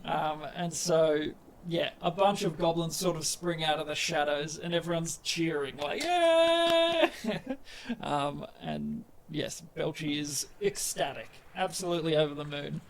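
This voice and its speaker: A man's voice: fairly high pitch, fairly even intonation, moderate pace, hardly any pauses, slight background noise. A man narrating as game master, hesitant with lots of fillers.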